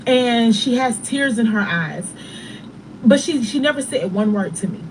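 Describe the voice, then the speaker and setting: A middle-aged woman telling a painful personal story in a soft, halting way, pausing and restarting often. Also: a little high, animated, a little hiss or hum, low-quality recording. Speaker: bereaved mother telling her story.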